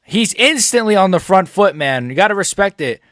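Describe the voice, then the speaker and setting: A young man with a fairly high, bright, forceful voice talks through a live fight. His reaction commentary is casual and profane, muttered along to the action for his viewers. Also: expressive, moderate pace, dry recording, studio quality. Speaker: MMA streamer.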